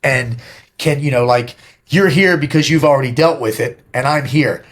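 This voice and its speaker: A middle-aged man speaks as a podcast guest, blunt and emphatic, with plenty of swearing. He tells stories in a direct, forceful way. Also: medium pitch, moderate pace. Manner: blunt, profane, emphatic storytelling. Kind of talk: casual interview talk.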